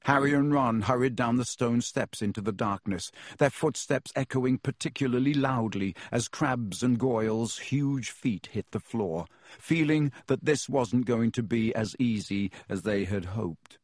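A man narrating a children's fantasy novel as an audiobook, in a measured, even storytelling manner. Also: mid-range voice, no echo, clean studio sound.

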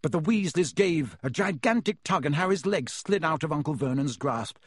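Husky-voiced man reading a storybook. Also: on the high side, expressive, normal speed, no echo, studio quality. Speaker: audiobook reader. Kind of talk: storybook narration.

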